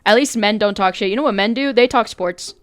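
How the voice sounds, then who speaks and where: A woman's voice: mid-range voice, a little fast, a little hiss or hum. A young woman co-hosting a podcast, telling stories in casual chat, blunt and rambling and swearing freely. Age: young adult. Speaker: podcast co-host.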